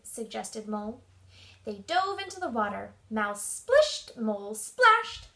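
Slow, animated woman reading aloud. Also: a little high, gravelly. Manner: expressive and animated. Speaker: storybook reader. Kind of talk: reading a children's book aloud.

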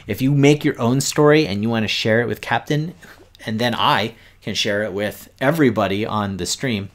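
Speaking at normal speed with a medium-pitched voice, a teacher leads a live stream teaching children to code. He talks straight to the audience and takes them patiently through every step.

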